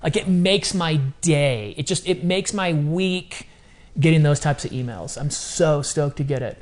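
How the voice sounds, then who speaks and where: A man with a fairly high voice chatting as an interview guest. He talks in an animated way and doubles up phrases for emphasis. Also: measured pace. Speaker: podcast guest. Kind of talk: casual interview chat.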